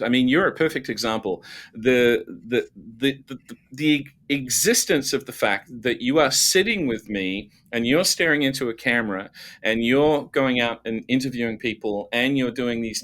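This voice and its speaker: A man, a guest telling lively, self-mocking stories from his career with many restarts. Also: medium pitch. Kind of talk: casual storytelling.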